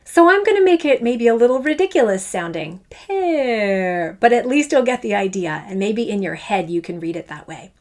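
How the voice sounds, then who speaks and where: A woman teaching a children's music lesson. She sounds enthusiastic and encouraging, chants fruit names in rhythm, and draws out the syllables. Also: fairly high pitch. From Canada. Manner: enthusiastic, encouraging, speaks straight to the learner.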